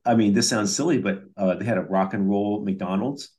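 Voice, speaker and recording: A man's voice: on the low side, normal speed, mellow. A middle-aged man co-hosting a casual chat, telling rambling stories with many restarts. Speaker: podcast co-host.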